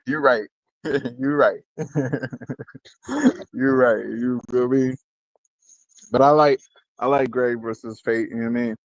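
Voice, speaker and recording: A man's voice: mid-range voice, steady tone, takes it slowly, pauses often, dry recording, dull audio. Man rambling battle rap host, dry sound. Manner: loose and rambling, constantly asking "you know what I mean"; laughs between remarks, jokes with chat. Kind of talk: casual commentary.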